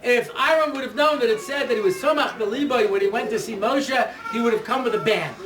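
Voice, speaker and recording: A man's voice: very high voice, a bit bright. A man giving a Torah talk full of anecdotes and jokes, chatty, often checking in with "yeah?" and "you know", and laughing at his own jokes. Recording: echoey room, mic far off, faint noise.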